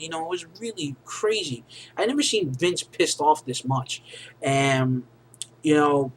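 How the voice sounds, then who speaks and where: A man's voice: fairly high pitch, normal speed, slight background noise, rough recording. A man giving a casual recap of a wrestling show, rambling and leaning heavily on fillers like "you know" and "basically".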